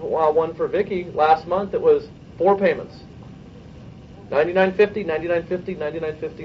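A man with a high-pitched voice coaches his sales team in a brisk training session, peppering it with rhetorical questions. The sound is dull and muffled because he's far from the microphone; a faint room ambience hums underneath, along with a little hiss or hum.

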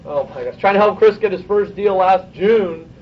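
High-voiced male sales trainer, distant mic. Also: dull audio. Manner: brisk, coaching, peppered with "okay?" and rhetorical questions. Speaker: sales manager training his team. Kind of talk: sales training talk to a room.

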